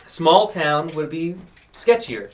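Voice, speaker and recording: A young man from New Mexico talks casually on his podcast and tells stories, slipping into the voices of the people he quotes. His voice sits a little high. He is a bit far from the microphone. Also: sing-song, slow. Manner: storytelling, acts out quoted people. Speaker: podcast host. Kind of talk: casual chat.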